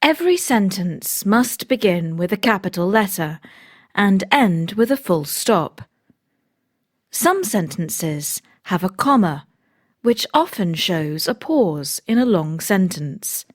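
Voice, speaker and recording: A woman reading textbook audio in a slow, clear, explanatory scripted way. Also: medium pitch, animated.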